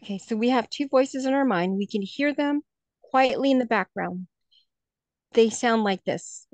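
A woman's voice: on the high side, normal speed, no room sound. A woman who teaches third grade, presenting a lesson in a workshop, talking hesitantly with many fillers and restarts, heard over a video call.

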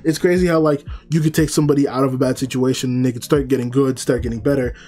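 A man's voice: medium pitch, steady tone, fast talker, dark tone. A man reviewing anime, recapping an episode in a casual, rambling way, full of fillers and self-corrections.

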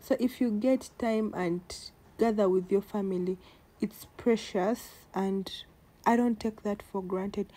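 A woman's voice: mid-range voice, steady tone, unhurried, dark tone. A woman, talking to the camera in a casual vlog, heartfelt and emotional, repeating words for emphasis. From Uganda. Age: 20s. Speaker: vlogger.

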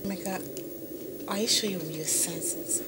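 A woman's voice: on the low side, moderate pace, noisy background, lightly acted. An actress playing a pregnant young woman, pleading and indignant toward her lover, with a Nigerian accent. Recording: echoey room, mic at a distance.

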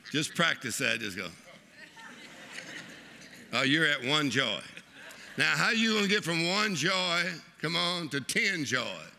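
A preacher, delivering an exuberant sermon and leading the congregation in laughter. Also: male voice, on the high side, gravelly, sharp tone, a little hiss or hum. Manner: exuberant, leads the crowd in laughing. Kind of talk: lively sermon.

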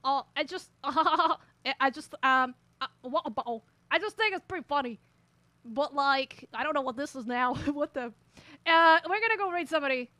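A woman's voice: high-pitched, normal speed, sharp tone, no echo. A young woman chatting playfully on her live stream, giggly and rambling with lots of fillers. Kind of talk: casual live-stream chat.

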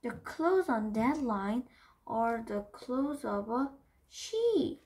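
A woman's voice: fairly high pitch, lively intonation, extremely slow, a little mellow, heavily acted. A woman voicing an earnest young boy bear in a children's storybook, explaining clues.

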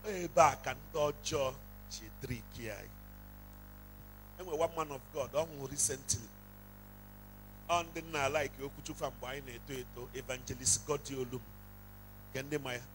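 A man's voice: medium pitch, fairly even intonation, fairly bright tone, a little hiss or hum, rough recording. A man preaching a sermon, switching between English and Igbo and breaking into song. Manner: preaching with slow, drawn-out bursts into singing. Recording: music playing under the voice.

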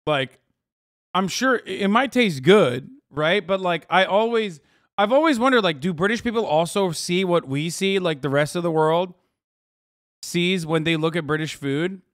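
A man's voice: high voice, animated, moderate pace, fairly bright tone, dry recording, studio quality. A man streaming casual reaction commentary, incredulous and profane, often laughing as he talks.

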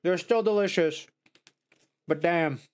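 Excitable man tasting snacks on stream. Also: slow, clear, resonant tone. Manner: excitable, swings into high squeals of joy and dismay; savoring, murmurs and mm sounds while eating.

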